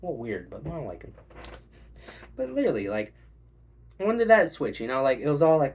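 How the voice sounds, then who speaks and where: A man doing a stand-up set, rambling and swearing and acting out quick voices. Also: mid-range voice, sing-song. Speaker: stand-up comedian.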